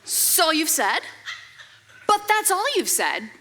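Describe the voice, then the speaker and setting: A woman's voice: extremely high pitch, big pitch swings, slow, bright, forceful tone, full character voice. An actress playing a bossy, teasing woman in a stage musical, with a dry, commanding manner. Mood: sardonic. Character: bossy, sardonic woman guiding the hero.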